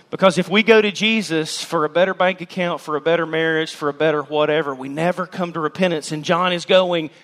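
Pastor, male, high voice; emphatic sermon in a reverberant church hall, shouts key words. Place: church sanctuary.

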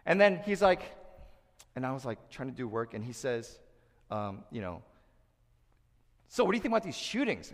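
A middle-aged man delivers a sermon as pastor, his mid-range voice carried by long reverb through a church sanctuary. He jumps loud and high when acting out other people's words, then falls soft and low for the serious parts. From Korea.

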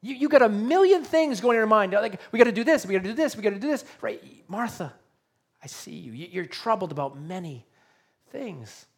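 A preacher doing Jesus, gentle and tender. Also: male voice, high-pitched, big pitch swings, a little fast, breathy edge, pitched above the performer's own voice, full character voice. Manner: soft, tender, repeating the name. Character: gentle compassionate male Jesus comforting a friend.

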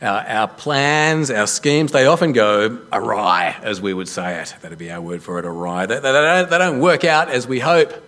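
A man preaching a sermon as a pastor, telling a story with lively self-deprecating humour. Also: medium pitch, moderate pace, few pauses.

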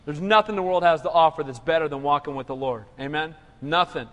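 A man preaching a sermon in an animated call-and-response manner. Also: on the high side, a little fast. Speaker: pastor. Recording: reverberant hall.

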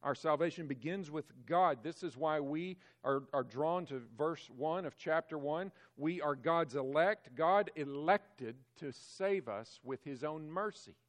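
A man preaching a sermon as pastor, emphatic, swelling louder on key phrases and dropping low and quiet on others. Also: slow, hardly any pauses.

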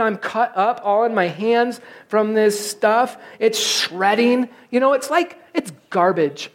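Man, middle-aged, pastor, sermon, animated, self-deprecating storyteller, church. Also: very high-pitched, a little slow, few pauses. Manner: animated, self-mocking storyteller who acts out his frustration.

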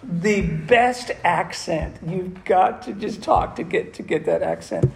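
A man's voice: high voice, wildly swooping pitch, slow, vocal fry. A man as a pastor giving an interactive, conversational sermon to a church class, often asking the audience questions. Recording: roomy echo with faint room noise.

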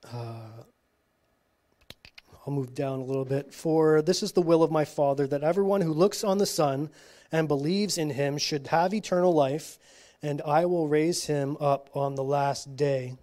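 A man reading scripture slowly at a church teaching, breaking off for casual asides and frequent checks like "okay?". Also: a little high, a little mellow. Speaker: Bible study teacher.

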